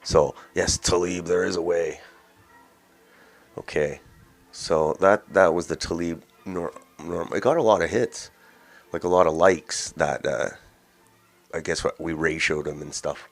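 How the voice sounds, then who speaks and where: A male host delivers casual opinion commentary in a blunt, mocking, rambling way. His voice sits low. Faint music plays behind him. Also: measured pace, creaky. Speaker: host of a daily news commentary show.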